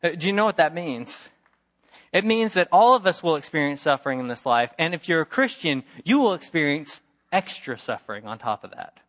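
A man's voice: a little high, very animated, fairly quick, fairly bright tone. A middle-aged man preaching a sermon, telling a story with emphatic repetition and acting out the voices of its characters. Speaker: pastor.

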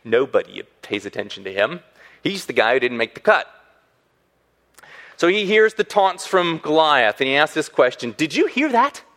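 A man preaching a sermon as a pastor, animated and acting out the voices he quotes. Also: medium pitch, normal speed.

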